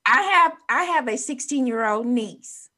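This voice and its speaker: Woman co-host, higher voice, earnest storyteller, chatty. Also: expressive, unhurried, sharp tone, slight background noise. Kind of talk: casual chat, storytelling.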